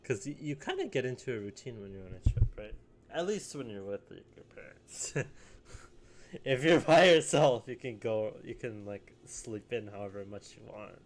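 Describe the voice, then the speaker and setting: A man's voice: fairly low pitch, expressive, moderate pace, a little mellow, slight background noise. A young man in his late teens rambling casually in a solo vlog, full of fillers and little chuckles. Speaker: vlogger.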